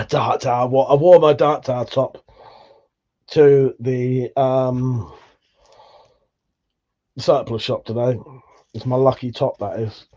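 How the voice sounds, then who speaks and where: A man's voice: medium pitch, fairly even intonation, takes it slowly, pauses often, mellow, lo-fi sound. A British man hosting a casual livestream, chatting and reading out viewer comments in a laid-back, swearing, chuckling way. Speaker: livestream host.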